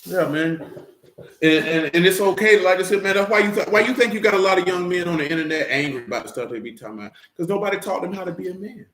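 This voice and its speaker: Blunt high-voiced preacher in an echoey room. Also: male voice, quick pace, a bit bright, a little hiss or hum. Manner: blunt, profane and joking. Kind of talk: casual sermon-style teaching. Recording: roomy echo.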